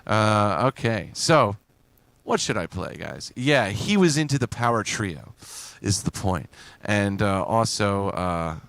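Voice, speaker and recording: Between songs on his live music request stream, a man chats loosely and rambles while reading and answering viewers, laughing often and joking around. His voice sits lowish with big pitch swings, and he takes it slowly. The tone is fairly bright, with no room sound.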